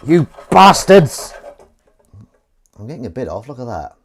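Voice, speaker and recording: Grumbling, sweary man, lively pitch. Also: rapid-fire, slight background noise. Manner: grumbling, swears a lot, talks to viewers. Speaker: livestream host. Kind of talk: casual chat while washing up. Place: home kitchen sink.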